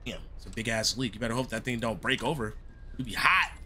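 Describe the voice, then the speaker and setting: A man's voice: medium pitch, fast talker, sharp tone, husky. A young man giving laid-back, slangy, rambling commentary while playing a horror game. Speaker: gaming streamer. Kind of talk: casual gameplay commentary.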